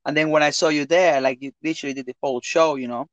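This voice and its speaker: A man from South America, a clown and guest on a chat show, who talks earnestly in halting phrases and repeats words. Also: fairly high pitch, steady tone, no echo, lo-fi sound. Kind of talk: casual chat.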